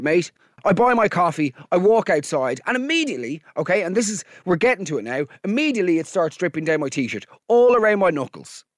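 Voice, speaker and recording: A man's voice: fairly high pitch, dry recording, studio quality. A man hosting a comedy podcast, telling exasperated, sarcastic stories. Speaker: podcast host. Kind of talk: comedic rant monologue.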